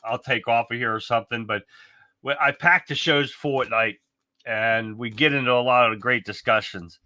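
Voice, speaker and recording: A man's voice: mid-range voice, steady tone, moderate pace, sharp tone. A man hosting a live stream, chatting off the cuff in a rambling, blunt way with some mild swearing. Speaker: livestream host. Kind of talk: casual live-stream chat.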